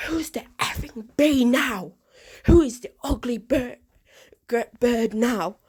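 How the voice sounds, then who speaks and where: A woman's voice: fairly high pitch, animated, slow pace, darkish tone, slightly rough, pitched above the performer's own voice, exaggerated voice. A woman acting out a taunting young female bully, mocking in a sneering sing-song way.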